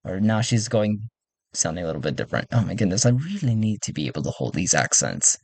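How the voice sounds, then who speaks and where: A man's voice: fairly low pitch, sing-song, quick pace, no echo. A man casually narrating a solo role-play game, rambling with self-mocking asides.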